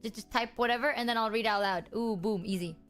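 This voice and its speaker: A woman's voice: on the high side, fast talker, fairly bright tone, faint music behind. A woman chatting casually, with a chill, laid-back cadence. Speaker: streamer guest in a clip. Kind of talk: casual chat.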